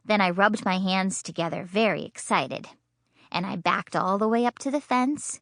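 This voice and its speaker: A woman's voice: medium pitch, moderate pace, fairly bright tone, no echo. A woman reading a children's audiobook in a bubbly, childlike first-person voice, in a studio. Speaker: audiobook narrator.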